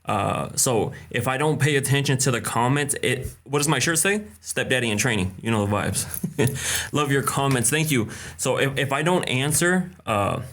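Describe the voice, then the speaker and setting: A young man hosting a casual live stream, greeting viewers by name in a relaxed, chatty way and dropping in short Spanish greetings. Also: medium pitch, normal speed, few pauses. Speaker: live-stream host answering viewer questions.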